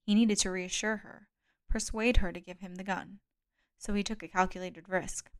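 Woman narrating a novel, steady and measured, easy clear delivery. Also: mid-range voice. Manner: measured, calm storytelling. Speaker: audiobook reader. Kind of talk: scripted narration.

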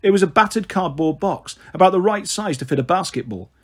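A man reading an audiobook aloud as a first-person narrator, steady storytelling. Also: high voice, fairly quick. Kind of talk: scripted narration.

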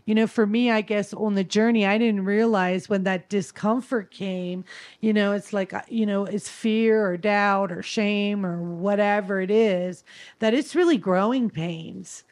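A woman's voice: mid-range voice, steady tone, unhurried, darkish tone. A woman sharing her spiritual experience at a gathering, earnest and tender, rambling with frequent fillers. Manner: rambling, full of "you know" fillers.

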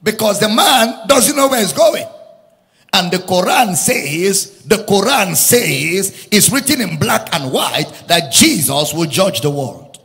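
Man preaching in a lively sung cadence. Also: high-pitched, slow, vocal fry, big-room sound. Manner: emphatic, repeats lines, rises into sung preaching cadence. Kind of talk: sermon.

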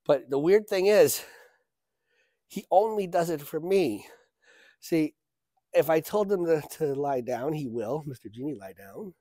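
A man's voice: fairly high pitch, expressive, slow pace, pauses often, warm tone, dry recording. A man demonstrating a magic trick, telling a joking story as a chatty showman. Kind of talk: comic storytelling trick patter.

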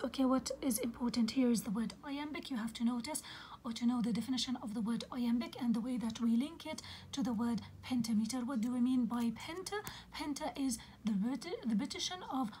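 A woman teacher giving a poetry lecture, patiently repeating key terms, often saying "okay" and correcting herself, in a breathy, half-whispered voice. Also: on the high side, darkish tone, slight background noise, rough recording. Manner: corrects herself mid-sentence.

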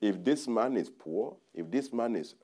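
A man preaching a sermon in a church, animated, laughing often and acting out the voices of the people he quotes. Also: mid-range voice, moderate pace.

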